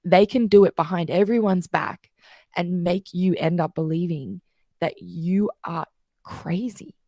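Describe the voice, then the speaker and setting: A woman's voice: on the low side, a little slow, warm tone, no room sound, studio quality. A woman guest coach explaining things in casual interview chat, telling stories and acting out the voices she quotes.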